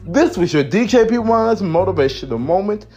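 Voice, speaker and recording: Emphatic American man with lively, high pitch. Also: normal speed, slightly rough, muffled recording, faint music behind. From United States. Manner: emphatic, repetitive. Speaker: podcast host. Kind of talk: motivational monologue.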